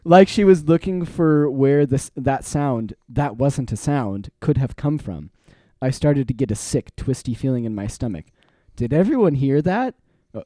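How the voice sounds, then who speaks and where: A man's voice: mid-range voice, measured pace, dark tone, no echo. A man co-hosting a podcast, reading a book aloud in a casual way and stopping now and then to comment. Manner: reads a book aloud, often laughing and breaking off to comment. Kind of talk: casual read-aloud with chat.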